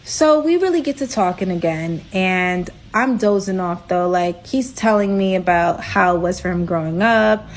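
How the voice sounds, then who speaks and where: Animated woman telling a story. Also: moderate pace, hardly any pauses. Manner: animated and slangy, jumps high in pitch for emphasis. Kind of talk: casual storytime narration.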